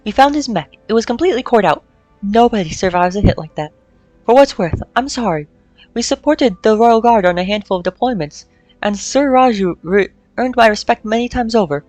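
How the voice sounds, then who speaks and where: A woman reading the lines of a steady, somber male mercenary officer aloud from a game, in a plain, level voice. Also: on the high side, fairly quick, no room sound, soft background music, close to an everyday voice.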